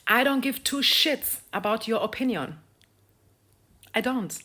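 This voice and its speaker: A woman's voice: a little high, expressive, unhurried, bright, forceful tone. A young African woman ranting in a blunt, profane vlog of social commentary, lecturing and repeating phrases for emphasis. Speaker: video creator.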